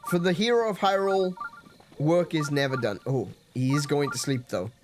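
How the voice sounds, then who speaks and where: A man's voice: on the high side, moderate pace. A man casually commenting while playing a video game, chatty and easily amused, with faint game music behind. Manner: amused, chatty, frequent laughter and fillers. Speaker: let's play gamer.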